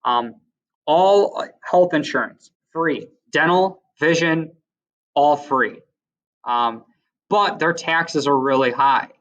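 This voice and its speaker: A man's voice: on the high side, slow, fairly bright tone. A man giving a casual classroom lecture as a teacher, chatty and full of fillers, with side stories. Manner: chatty, many fillers, tells anecdotes. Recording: distant, dull lo-fi recording.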